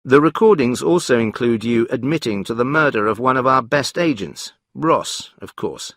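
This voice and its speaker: A man voicing a calm, firm secret agent in a storybook reading, coolly formal. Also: mid-range voice, normal speed, no room sound, clean studio sound. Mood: confident. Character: cool, composed male secret agent.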